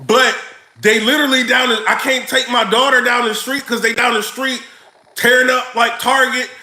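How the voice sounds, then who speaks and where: A man ranting casually to camera, animated and joking, with lots of slang. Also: very high voice, normal speed, roomy sound. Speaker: vlogger.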